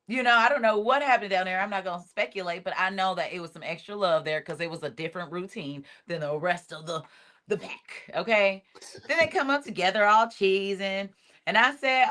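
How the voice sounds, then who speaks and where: A woman telling a lively story, acting out what other people said. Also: medium pitch, normal speed. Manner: animated, acts out quotes of others. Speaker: reality show cast member, guest. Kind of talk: casual storytelling in an interview.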